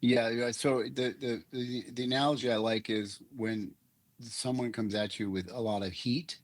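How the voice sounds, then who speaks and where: A man's voice: mid-range voice, fairly even intonation, normal speed. An older man talking earnestly as a guest coach in an interview, explaining ideas through analogies. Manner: earnest, uses images and analogies. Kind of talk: reflective interview talk.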